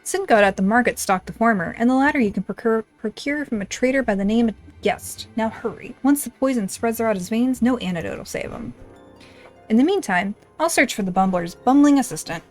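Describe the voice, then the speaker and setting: A woman's voice: fairly high pitch, animated, soft background music, natural voice. A woman reading aloud the lines of a fiery older mother who scolds her useless husband. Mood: urgent. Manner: reading game dialogue aloud, brisk and scolding.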